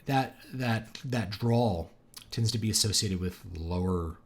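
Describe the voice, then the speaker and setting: A man with a faint Southern US drawl hosts a casual writing livestream in a lowish voice. He reads out viewer comments and rambles from point to point, slipping into brief accent impressions along the way. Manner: digressive, with quick accent impressions. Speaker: writer hosting a livestream.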